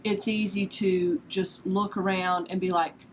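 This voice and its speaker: A woman's voice: lowish voice, very animated, moderate pace, gravelly, hardly any pauses, slight background noise, poor audio. A woman, hosting a casual devotional podcast in a chatty, self-deprecating storytelling manner. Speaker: podcast host.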